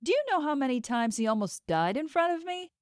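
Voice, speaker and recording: A woman's voice: sits high, big pitch swings, brisk, dry recording, studio quality, pitched above the performer's own voice. A woman voicing a frightened, furious young wife in an audiobook, ranting and tearful. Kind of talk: audiobook character voice.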